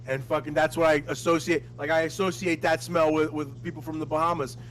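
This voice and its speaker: Man, somewhat high voice, casual podcast chat, crude and animated storytelling, cursing a lot. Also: a little fast, a little hiss or hum, low-quality recording. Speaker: podcast co-host.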